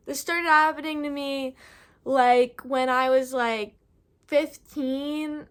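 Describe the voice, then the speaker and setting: High-voiced young woman rambling goofily. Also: steady tone, slow. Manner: rambling and goofy, heavy on slang and fillers. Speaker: vlogger. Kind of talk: casual storytelling to camera.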